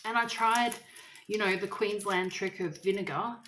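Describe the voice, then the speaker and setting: A woman's voice: medium pitch, fairly even intonation, normal speed, fairly bright tone, a little hiss or hum. A woman chatting casually to camera while she cooks. She is teary from chopping onions and keeps groaning about her stinging eyes while she jokes at her own expense. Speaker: vlogger. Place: home kitchen. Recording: echoey kitchen with pot and dish clatter.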